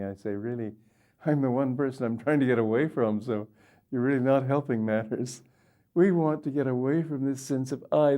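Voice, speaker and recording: An older man giving a reflective spiritual talk as a teacher, gently humorous. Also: mid-range voice. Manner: reflective, gently humorous, quotes others in little voices.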